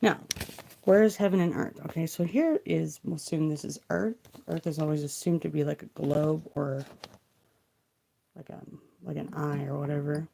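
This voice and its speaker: A woman on a live stream speaking quietly and rambling through questions, trailing off as she reads and thinks aloud into a close mic. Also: deep voice, fairly even intonation, moderate pace, vocal fry, a little hiss or hum. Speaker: livestream tarot reader. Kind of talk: soft-spoken livestream musing. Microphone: close mic, kept quiet for live stream.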